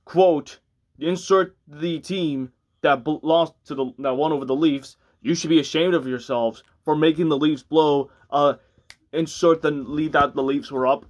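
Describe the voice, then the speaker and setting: A man's voice: a little high, fairly even intonation, a little slow. A tired man giving a casual, rambling sports recap, sounding exasperated and often restarting his sentences. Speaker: sports fan vlogger.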